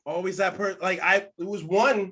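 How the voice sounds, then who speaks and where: High-voiced man telling candid stories. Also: brisk, sharp tone. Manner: candid storytelling, acts out quotes in other voices. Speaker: podcast co-host. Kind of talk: casual podcast chat.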